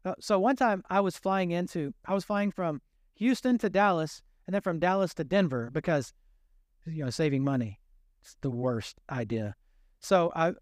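A man's voice: sits high, no echo, clean studio sound. A man preaching a sermon in a humorous, self-deprecating storytelling way, acting out conversations. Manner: animated, shifting pace.

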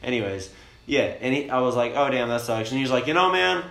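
A man's voice: medium pitch, brisk. Rambling, stoned young man telling stories. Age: young adult. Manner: rambling, profane, laid-back storyteller. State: high on cannabis. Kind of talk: casual storytelling chat. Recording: roomy with faint noise.

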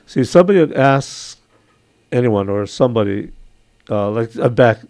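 An older man from Hawaii with a Hawaiian accent, hosting a casual radio chat, chatty and quick to laugh. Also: medium pitch, lively intonation, darkish tone, no echo. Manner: chatty, laughs easily, imitates local sayings. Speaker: radio show host.

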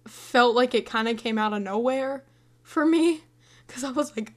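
Woman about 18, casual chat, scattered, excitable, slightly high voice. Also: normal speed. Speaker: movie reviewer.

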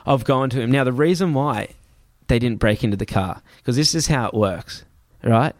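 Young man, mid pitch, casual swearing storyteller, dry close mic. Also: normal speed, no echo. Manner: heavy swearing, vivid re-telling with restarts. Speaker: guest.

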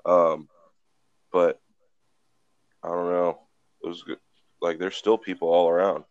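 Young podcast guy, real deep voice, rambles, swears a lot, casual chat. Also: little pitch movement, unhurried, darkish tone, no room sound, dull audio. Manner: rambling storyteller, lots of swearing and fillers. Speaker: podcast co-host.

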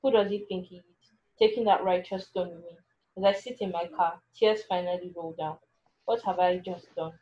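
A woman's voice: fairly low pitch, fairly even intonation, moderate pace, dark tone, dull audio. A woman narrating a first-person story in an anxious, self-questioning way.

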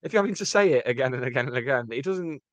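A man's voice: medium pitch, expressive, rapid-fire, no echo. A man co-hosting a podcast, making dry, wry remarks in casual chat. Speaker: podcast co-host.

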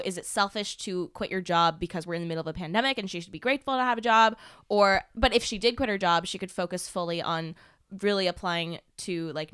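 A woman's voice: on the low side, bright, forceful tone, clear, resonant tone, no echo, studio quality. A young woman co-hosting a podcast, chatting casually and laughing often while laying out listener dilemmas. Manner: giggly, chatty, reads listener scenarios. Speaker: podcast co-host. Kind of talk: casual chat.

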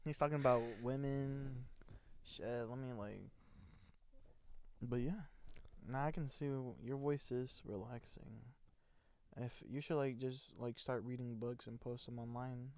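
A man's voice: mid-range voice, steady tone, a little slow, darkish tone, smooth. A sleep-deprived young man co-hosting a casual podcast, rambling playfully and laughing often. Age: young adult. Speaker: podcast co-host. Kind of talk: casual chat.

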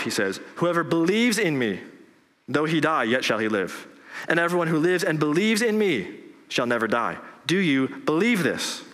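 A male pastor preaching a sermon in earnest, rising for emphasis and dropping low on key words. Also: pushed and bright. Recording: long reverb of a large hall.

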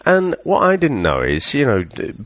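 A man chats through a film review on a podcast, swearing freely and laughing as he mocks what he watched. His pitch swings widely and animatedly. The sound is dry and close to the mic. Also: normal speed, no echo. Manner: swears freely, laughs often, lively and mocking. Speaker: podcast co-host. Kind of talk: casual film review chat.

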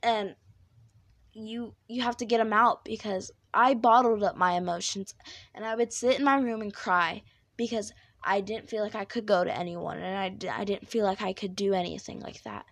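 A young woman hosting a podcast, talking candidly in a rambling monologue with a high-pitched, squeaky voice. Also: moderate pace, no echo. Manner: candid, rambling with fillers and restarts. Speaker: podcast host.

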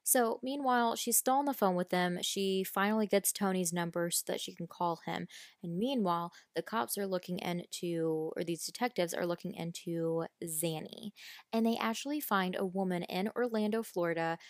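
A woman with a fairly low voice, fairly even intonation and moderate pace hosts a casual true-crime podcast. She tells the story bluntly, swearing and throwing in indignant asides. The recording is clean studio sound, with no room noise.

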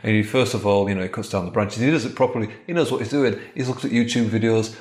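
A man improvising a comic story in a chatty, animated way. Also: on the low side, fast talker. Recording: roomy echo.

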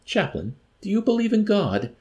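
A man's voice: sits high, sing-song, moderate pace, a little mellow, voice pushed up. A man voicing a cold, mocking military officer interrogating a prisoner with nonchalant tartness. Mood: smug.

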